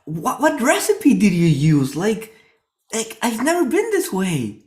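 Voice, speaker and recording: A woman's voice: mid-range voice, wildly swooping pitch, unhurried, a little mellow. A woman playing a hesitant, stammering grown son in his thirties in an improv scene. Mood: protesting. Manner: hesitant, stammering, mildly protesting.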